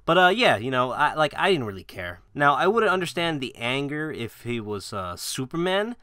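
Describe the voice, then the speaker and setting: A man's voice: mid-range voice, sing-song, moderate pace, pushed and bright, no echo, studio quality. A young man chatting casually about games and movies, rambling with lots of filler words, laughing and swearing. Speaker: channel host.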